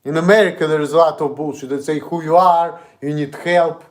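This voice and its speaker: A man's voice: a little high, steady tone, brisk. A man with a Russian accent, streaming an indignant, profane, repetitive rant. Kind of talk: ranting monologue.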